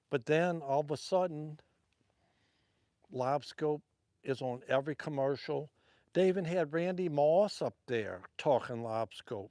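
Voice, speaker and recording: A man's voice: mid-range voice, normal speed, darkish tone, dry recording. A man with a Southern Louisiana accent chatting casually to livestream viewers while fishing from a wharf at night, rambling between casts.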